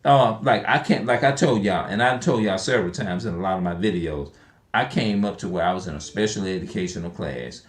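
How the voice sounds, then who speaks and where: A man's voice: sits low, brisk. A man talking casually into his camera in a slangy, rambling way, often repeating himself and now and then reading scripture aloud. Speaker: video creator. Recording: echoey room.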